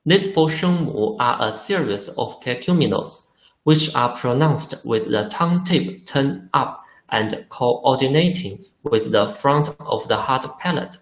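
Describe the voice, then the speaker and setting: A man's voice: mid-range voice, unhurried, echoey room, rough recording. A man teaching a lesson in English, patiently repeating syllables for drills. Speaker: Chinese teacher. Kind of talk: language lesson.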